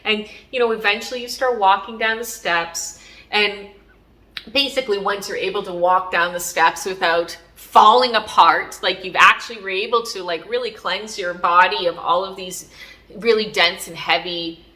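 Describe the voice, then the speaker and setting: Woman vlogging, bright voice, chatty and rambly with lots of fillers. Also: mid-range voice, normal speed. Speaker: spiritual vlogger. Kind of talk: casual storytelling.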